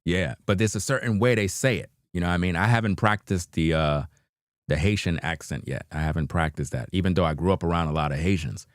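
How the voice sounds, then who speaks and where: Deep-voiced New man chatting. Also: fast, no room sound, studio quality. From New York. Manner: laid-back slang, frequent "you know what I mean", chuckling. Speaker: livestream host reacting to videos. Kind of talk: casual livestream chat.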